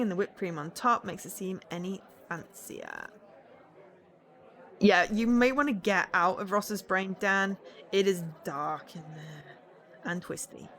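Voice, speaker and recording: A woman's voice: medium pitch, fairly bright tone. A woman streamer reading a visual novel aloud, with playful, laughing asides.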